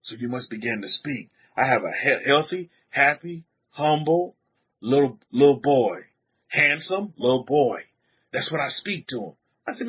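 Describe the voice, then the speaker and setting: A man preaching a sermon to a congregation, animated, repeating words and putting questions to the room, on a dull lo-fi recording. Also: mid-range voice, measured pace, husky. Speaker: rabbi teaching a congregation.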